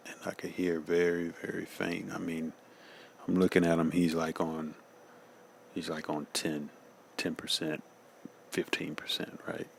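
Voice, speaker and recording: A man's voice: sits low, completely flat delivery, measured pace, vocal fry, long pauses, a little hiss or hum. A man giving a casual personal testimony, slangy and loose, often saying "man" and "you know.".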